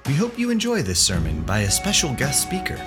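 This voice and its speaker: A podcast announcer reading a scripted welcome in a smooth promotional delivery. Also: medium pitch, huge pitch swings, a little fast. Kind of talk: scripted intro. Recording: intro over music.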